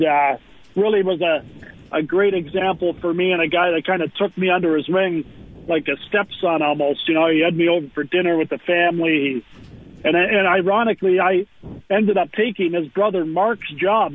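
A former pro hockey player on a radio interview, telling lively anecdotes with lots of "uh" fillers over a phone line. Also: male voice, sits high. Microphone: telephone.

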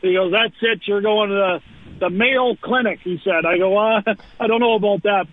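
A former pro hockey player on a radio interview, telling lively anecdotes with lots of "uh" fillers over a phone line. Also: male voice, high voice, no echo. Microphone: telephone.

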